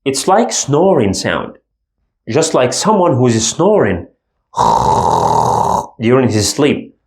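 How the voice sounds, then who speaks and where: A man teaching the alphabet in a language lesson, slowly demonstrating throaty letter sounds. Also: medium pitch, big pitch swings, a little mellow, roomy sound. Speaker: Arabic teacher.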